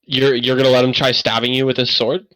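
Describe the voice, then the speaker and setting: Man game master, bright and dry on voice chat, halting rambling narration. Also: medium pitch, flat delivery, no room sound, rough recording. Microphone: online voice chat.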